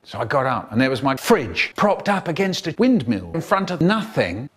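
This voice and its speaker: A man's voice: mid-range voice, sing-song, moderate pace, a bit bright, breathy edge. A man narrating an absurd comedic story in a jumpy way, now and then breaking into silly voices.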